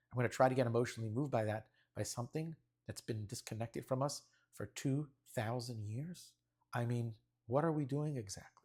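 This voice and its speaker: A rabbi tells a story in a sermon, earnest and measured. His voice sits in an ordinary middle pitch for a man, and he speaks with steady conviction. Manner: earnest storyteller who acts out voices of children.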